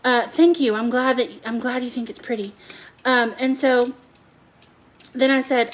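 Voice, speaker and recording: A woman's voice: fairly high pitch, moderate pace, slight background noise. A woman hosting a chatty live cooking stream from her home kitchen, rambling and talking to viewers by name. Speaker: home cooking livestream host.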